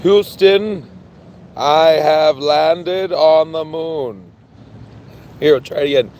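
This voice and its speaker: A man putting on a solemn male astronaut reporting to mission control, drawing every word out slowly. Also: fairly high pitch, a little mellow, a little hiss or hum. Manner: very slow, drawn-out words.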